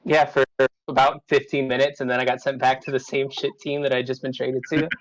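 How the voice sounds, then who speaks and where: A man's voice: medium pitch, little pitch movement, a little fast, dry recording, rough recording. A man co-hosting a podcast, teasing the others in casual banter. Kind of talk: casual chat.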